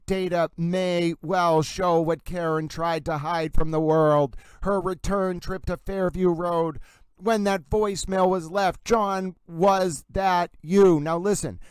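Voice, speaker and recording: A man with a Massachusetts accent hosts a commentary stream and argues each point with insistence. His voice sits high and sounds smooth and clear. The sound is dry and close. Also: steady tone, unhurried, no echo. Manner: emphatic, insistent, repeatedly addresses "ladies and gentlemen". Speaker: livestream host.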